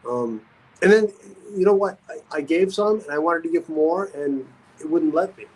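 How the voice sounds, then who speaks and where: A man's voice: on the high side, normal speed, darkish tone, rough recording. A man hosting a casual livestream, reading comments aloud and rambling with repeated phrases and stammers. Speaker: livestream host.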